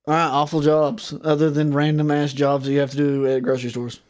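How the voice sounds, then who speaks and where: A woman guest in casual podcast chat, telling animated, profane stories and laughing often. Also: low-pitched, a little fast.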